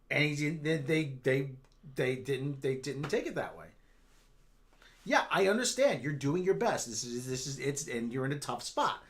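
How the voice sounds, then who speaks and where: A man's voice: fairly high pitch, sing-song. A man hosting a casual livestream, arguing his point with frequent restarts and repeated words. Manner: halting, restarts a lot, argues his point. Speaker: streamer host.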